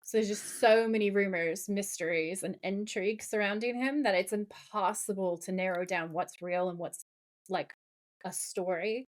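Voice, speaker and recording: A woman co-hosting a podcast, recapping a TV episode in casual, animated chat full of laughs and "like" fillers. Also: mid-range voice, moderate pace. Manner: animated, giggly, frequent "like" fillers. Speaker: podcast co-host.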